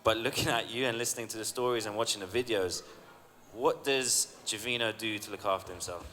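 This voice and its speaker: A man hosting a live onstage interview, asking measured, thoughtful questions. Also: fairly low pitch, steady tone, sharp tone. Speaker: interviewer and host. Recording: reverberant hall.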